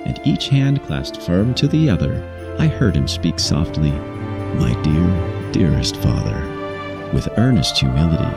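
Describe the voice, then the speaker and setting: A man reciting a rhyming holiday poem in a slow, solemn storytelling way. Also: sits low. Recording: voice over clear music.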